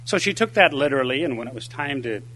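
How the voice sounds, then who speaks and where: Speaking quickly at a medium pitch, an older conference speaker shares anecdotes and a joke in lively storytelling fashion. There's a little hiss or hum on the recording.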